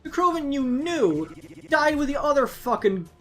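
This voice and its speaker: A bullying young man snaps and sneers in a high, strained voice that leaps all over the place, as a woman puts him on. He shouts and swears with open scorn, loud and sharp. Faint music sits behind him. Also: big pitch swings, normal speed. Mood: scornful.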